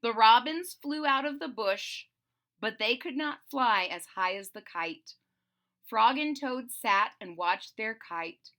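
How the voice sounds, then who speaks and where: Bright, animated woman reading to kids. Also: fairly high pitch, slow. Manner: animated and expressive, talking to young listeners. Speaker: read-aloud storyteller. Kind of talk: children's story read-aloud.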